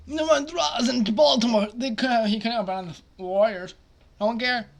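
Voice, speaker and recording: A man commenting casually on a basketball simulation, muttering quietly at times and then breaking into loud, excited outbursts. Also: high voice, normal speed, vocal fry. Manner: excitable, swings from mumbled asides to loud outbursts. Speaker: simulation gaming streamer.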